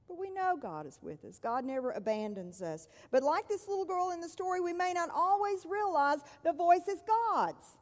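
A woman preacher giving a sermon in a church, measured and deliberate, sinking to a hushed voice to stress key words. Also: very high-pitched, very animated. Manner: measured, dropping to soft hushed tones for emphasis. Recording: long reverb in a large hall.

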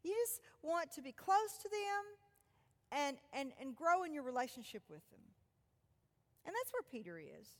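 A high-voiced woman preaching, her pitch leaping up and down as she tells the story. She shifts between loud, forceful stretches and soft, hushed ones. Her voice rings with a long reverb. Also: sing-song, moderate pace. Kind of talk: sermon retelling a scripture story.

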